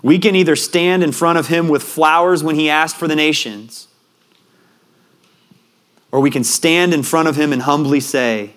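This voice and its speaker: A man preaching a sermon, telling a personal story in an earnest way and growing quiet and soft at tender moments. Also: a little high, normal speed, long pauses.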